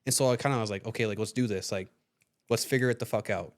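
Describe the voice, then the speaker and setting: This young podcast host has a lowish voice and talks quickly as he tells a story casually. Swearing freely, he imitates the voices of people he quotes.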